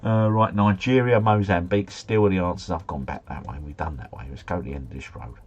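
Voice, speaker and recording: A man's voice: sits low, a little fast, darkish tone, lo-fi sound. A man streaming live, chatting casually and muttering asides as he plays a geography guessing game. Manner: chatty, mutters asides, mild swearing, easily flustered.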